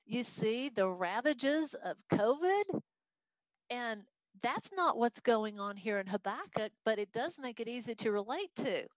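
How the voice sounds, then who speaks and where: A woman's voice: fairly high pitch, measured pace, dry recording, dull audio. A woman with a Texas accent teaching a Bible study lesson, walking through a worksheet and acting out voices when she quotes. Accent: Texan. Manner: expressive, acts out voices in quotes.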